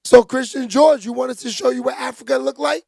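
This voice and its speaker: High, gravelly man shouting out his chat. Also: steady tone, a little fast, dry recording, studio quality. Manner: loud, joking, shouts out chat names. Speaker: livestream host reading chat. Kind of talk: casual livestream chat. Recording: music playing behind.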